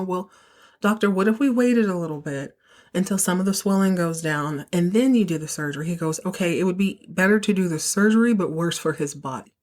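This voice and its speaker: A woman with a fairly low voice, chatting casually as she recaps a soap episode. She tells the story with animated emotion and slips into the characters' lines as she goes. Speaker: podcast host recapping a soap opera.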